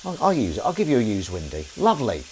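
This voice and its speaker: A man with a fairly low voice that swings up and down a lot rambles wryly to his viewers while doing the dishes. He chats as he works at a kitchen sink, with faint water and dish clatter behind him. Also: wildly swooping pitch, fast, a little mellow, a little hiss or hum. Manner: chatty, wry, talks while doing chores. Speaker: live streamer washing dishes. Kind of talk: rambling casual chat to viewers.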